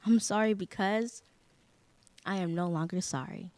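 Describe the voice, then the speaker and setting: A teenage girl, a high school senior, reciting a spoken word poem in a measured, soft-spoken way. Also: very noisy. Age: teens. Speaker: youth poet.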